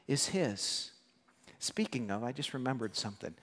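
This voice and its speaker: A man preaching a sermon to a congregation, animated and joking, acting out quoted voices. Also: medium pitch, a little fast, long reverb tail. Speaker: pastor. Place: church hall.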